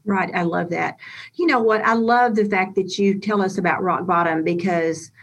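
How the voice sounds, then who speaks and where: A woman's voice: on the low side, fairly even intonation, normal speed, dull audio. A woman co-hosting a podcast interview, affirming and encouraging her guest. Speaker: podcast co-host.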